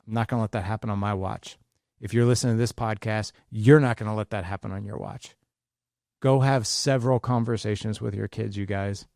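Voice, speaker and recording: A fifty-year-old man delivers an urgent, impassioned podcast monologue and hammers his points home through repetition. His voice sits low, and the recording is dry and close with no room echo. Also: creaky, darkish tone. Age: 50s. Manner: urgent, impassioned, repeats for emphasis. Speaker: podcast host.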